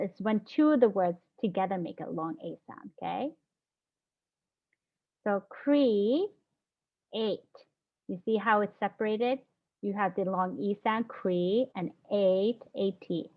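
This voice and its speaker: A woman's voice: medium pitch, slow pace. A woman teacher leading a phonics lesson, patiently sounding out words and praising her students. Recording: dull lo-fi classroom audio.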